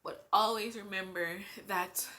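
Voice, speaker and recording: With a mid-range voice that's steady, bright, and forceful, a pregnant woman with a Jamaican accent vlogs about her life in an earnest, faith-filled, unhurried way.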